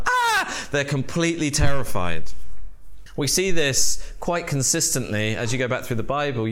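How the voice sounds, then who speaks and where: A man's voice: mid-range voice, a bit bright. Emphatic male pastor preaching. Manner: emphatic, with dramatic pauses and rhetorical questions. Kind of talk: sermon.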